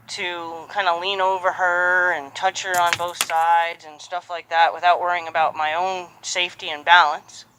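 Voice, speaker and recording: A horse trainer working a horse outdoors, speaking calmly and giving repeated soft praise while explaining each step. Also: medium pitch, slight background noise, poor audio. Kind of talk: live training commentary.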